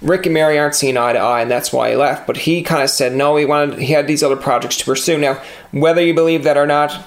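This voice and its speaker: A man's voice: on the high side, steady tone, fast talker. A man with a Newfoundland accent hosting a casual interview in a chatty, joking way. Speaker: podcast host.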